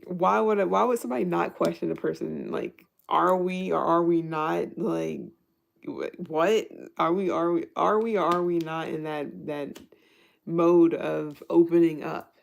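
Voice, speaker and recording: Heavy-fry woman rambling through a tarot reading. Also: on the low side, steady tone, measured pace, lo-fi sound. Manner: rambling, thinks aloud with frequent restarts; swears freely, laughs often. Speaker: tarot reader.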